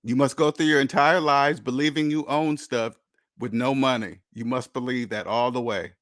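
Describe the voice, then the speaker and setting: A man's voice: mid-range voice, steady tone, moderate pace, fairly bright tone, dry recording, studio quality. A man hosting a channel in a blunt, lecturing monologue, repeating points for emphasis. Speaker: host. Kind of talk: casual monologue.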